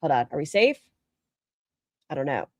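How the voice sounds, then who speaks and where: A woman's voice: low-pitched, sing-song, normal speed, darkish tone, no echo, clean studio sound. A woman streamer giving casual, rambling reaction commentary and talking straight to her chat. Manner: chatty, rambling, talks to chat directly.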